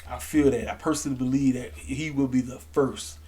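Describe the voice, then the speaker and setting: A man talking straight to his camera about last night's wrestling show, loose and slangy. He leans hard on his points and swings his voice up when something gets to him. His pitch sits in an ordinary middle range. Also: brisk. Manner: animated, slangy, emphatic. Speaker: wrestling review vlogger. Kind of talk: casual opinionated commentary to camera.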